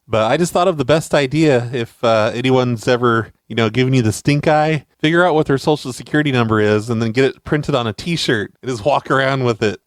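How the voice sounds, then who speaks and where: A man hosting a show and making deadpan, mock-serious prank phone calls. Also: medium pitch, clean tone, no room sound, clean studio sound. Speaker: prank caller and show host.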